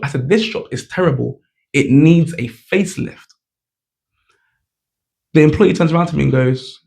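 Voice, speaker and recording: A man's voice: fairly high pitch, moderate pace, gravelly, long pauses, a little mellow. A man, telling a personal story to camera in a casual, chatty way, full of "like" and "you know". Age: 20s. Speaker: vlogger.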